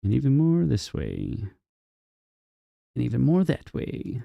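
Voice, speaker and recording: A man's voice: medium pitch, huge pitch swings, takes it slowly, gravelly, no room sound, lo-fi sound. A man live-streaming a city-building game, chatting casually and joking with viewers in chat while he plays. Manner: chatty, jokey, talks to chat viewers by name.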